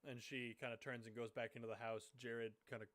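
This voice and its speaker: A man running a tabletop game as game master, narrating in a relaxed, slightly halting way. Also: mid-range voice, crowd noise.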